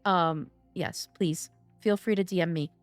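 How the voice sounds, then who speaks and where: A woman with a lowish voice streams a game live, speaking unhurriedly over soft background music. She chats and teases viewers by name in a casual way, but days of streaming have worn her voice and she's losing it.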